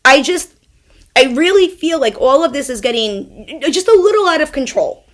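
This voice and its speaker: A young mother hosts her own show, talking in a high, bright register. She rants with exasperation, stumbles over repeated words and swears freely. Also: expressive, moderate pace. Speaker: podcast host. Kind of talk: ranting monologue.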